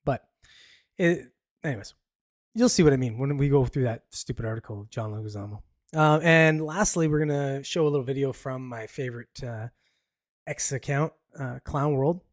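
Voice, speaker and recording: A man's voice: mid-range voice, normal speed, no room sound, clean studio sound. A man from Canada hosting a live podcast, rambling through news topics in blunt, casual talk with swearing and nervous laughs. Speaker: podcast host. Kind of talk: casual live-stream commentary.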